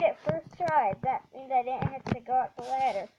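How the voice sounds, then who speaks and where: A woman giving casual gameplay commentary as a channel host, halting and restarting often, then bursting into excited exclamations. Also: high voice. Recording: dull lo-fi audio with steady background noise.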